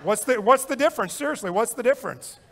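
A man preaching a sermon as pastor, swinging between loud urging and quiet reflection, repeating phrases and joking with the congregation. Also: very high-pitched, expressive, fast talker, vocal fry, a little hiss or hum. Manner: repeats phrases for effect, jokes and chuckles.

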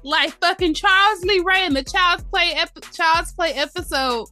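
A woman's voice: extremely high pitch, sharp tone, faint music behind. A woman with a Southern US accent co-hosting a podcast, chatting casually in a brash, profane, joking way. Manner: brash, profane, quick to joke. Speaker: podcast co-host. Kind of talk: casual chat.

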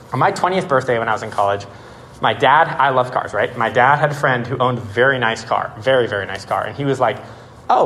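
A young man in his twenties giving a casual sermon and telling a story in a lively way, with many "like"s. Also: mid-range voice, a little hiss or hum. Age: 20s. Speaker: preacher.

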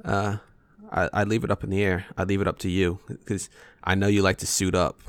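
A man's voice: low voice, little pitch movement, fairly quick, clean tone, no room sound. A man co-hosting a podcast in laid-back casual chat, peppered with "like.". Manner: laid-back, with filler words like "like". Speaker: podcast co-host.

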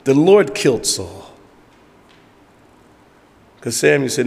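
A man preaching a sermon as pastor, emphatic and repetitive, dropping to hushed asides, in southern US vernacular. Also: high voice, lively intonation, normal speed. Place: church sanctuary. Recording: long church hall reverb.

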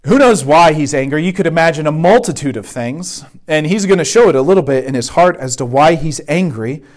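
A man's voice: on the high side, lively intonation, fairly quick. A man giving a conversational sermon at a retreat, often checking in with "right?". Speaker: retreat speaker. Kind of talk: sermon talk.

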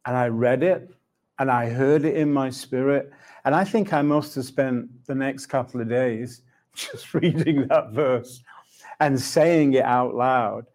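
A middle-aged Christian speaker with a medium-pitched, slightly mellow voice talks a little slowly as he shares his personal testimony in conversation. Reflective, he laughs often while acting out his dialogues with God.

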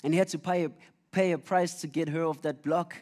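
A man's voice: fairly high pitch, steady tone, brisk, a little mellow. A man preaching a conversational sermon, telling Bible stories earnestly with frequent restarts.

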